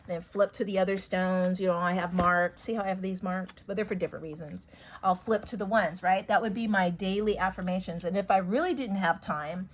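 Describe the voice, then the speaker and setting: A woman's voice: mid-range voice, a little hiss or hum, poor audio. A woman talking casually about healing stones and affirmations, rambling and repeating herself for emphasis. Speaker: spiritual video host.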